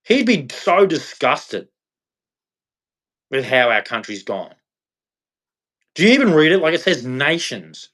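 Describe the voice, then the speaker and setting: A man's voice: fairly high pitch, big pitch swings, slow pace, long pauses, a bit bright. An Australian man ranting on a livestream in a blunt, scolding, preachy way. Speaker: livestream host. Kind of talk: livestream rant.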